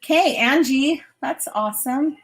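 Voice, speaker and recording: A middle-aged woman hosting a live stream, chatting warmly and giving intuitive readings to viewers. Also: high voice, measured pace. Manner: bubbly, chatty, reads viewer comments aloud, laughs often. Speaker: intuitive reader and host.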